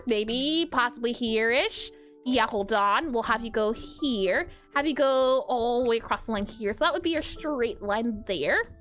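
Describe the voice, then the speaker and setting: Very high-voiced woman drawing on stream. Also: a bit bright. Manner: thinking aloud, chatty, giggly. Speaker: pixel art streamer. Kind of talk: casual live-stream drawing commentary.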